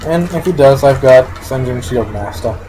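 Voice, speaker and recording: A man's voice: mid-range voice, expressive, moderate pace, mellow, slight background noise, low-quality recording. A man giving casual, unscripted commentary while playing a card game, thinking aloud and sometimes talking with his mouth full. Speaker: gameplay commentator.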